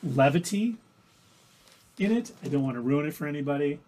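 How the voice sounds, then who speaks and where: A man's voice: fairly high pitch, animated, a little fast, a little mellow. A man co-hosting a livestream, casually recapping TV episodes in a rambling, self-correcting way. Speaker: livestream co-host.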